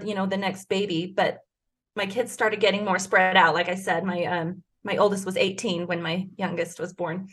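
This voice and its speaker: A woman's voice: medium pitch, a bit bright. A woman in her forties telling a personal story as a podcast guest, earnest and emotional, with frequent restarts. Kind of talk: casual conversation.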